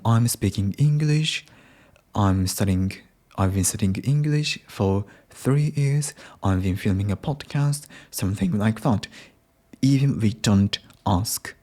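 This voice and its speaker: A man's voice: low-pitched, darkish tone, husky. A young Japanese man with a Japanese accent, hosting a casual solo podcast in English, hesitant and full of restarts. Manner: hesitant, many restarts and self-corrections. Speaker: podcast host.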